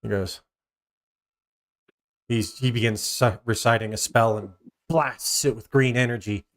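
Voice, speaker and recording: A man with a New Zealand accent, narrating a tabletop role-playing game as game master, halting and restarting as he describes scenes. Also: mid-range voice, fairly even intonation.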